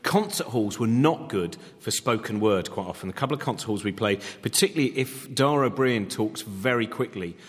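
A man's voice: lowish voice, expressive, a little fast, hardly any pauses. Rambling jokey male co-host. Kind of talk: radio panel show chat. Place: concert hall used as studio. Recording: long concert hall reverb.

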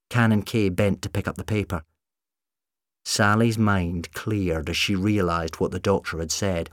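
A man narrating a storybook reading in an expressive, measured way. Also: sits low, no room sound, studio quality.

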